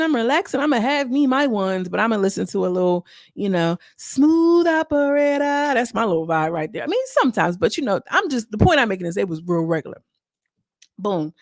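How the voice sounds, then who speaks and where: A woman's voice: on the high side, dry recording, studio quality. A young woman recapping a reality TV episode in a chatty, slang-filled way, acting out what people said. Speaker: reality TV reviewer.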